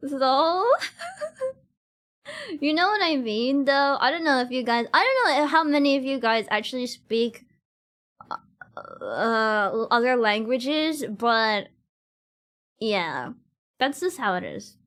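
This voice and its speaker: Young woman, high voice, casual stream chat, rambling, giggly, lots of fillers. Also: animated, slow, pauses often, fairly bright tone. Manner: talks straight to chat. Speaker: cosplay streamer.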